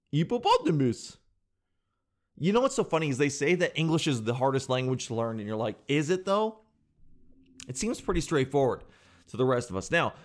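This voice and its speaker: Man, casual reaction host, lively swooping voice, chatty and laughing. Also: medium pitch. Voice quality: animated, laughing, addresses viewers as guys and dude.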